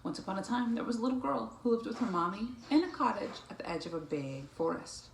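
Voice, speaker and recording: A woman reading picture books aloud to a child, playful and animated, breaking into animal sounds. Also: mid-range voice, quick pace, vocal fry. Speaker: storytime reader. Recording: echoey room, faint noise.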